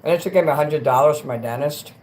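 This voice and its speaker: A man hosting a casual late-night livestream, rambling and crude, dropping to mutters and then rising into loud rants. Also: on the high side, fast talker, low-quality recording. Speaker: livestream host.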